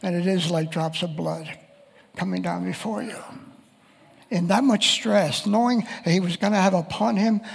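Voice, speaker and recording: A man's voice: high-pitched, fairly even intonation, normal speed, creaky, breathy edge, big-room sound. A man preaching a sermon, reading scripture passages aloud and explaining them. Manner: reads scripture aloud and quotes voices of the text.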